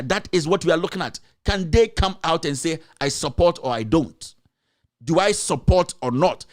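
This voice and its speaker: A man with a Ghanaian accent, delivering a combative, repetitive political rant as a commentator. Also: fairly high pitch.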